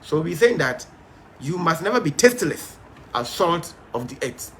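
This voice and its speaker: A man's voice: fairly high pitch, big pitch swings, normal speed, a little hiss or hum. A man teaching a Bible study in an emphatic, stern, repetitive way, with frequent fillers.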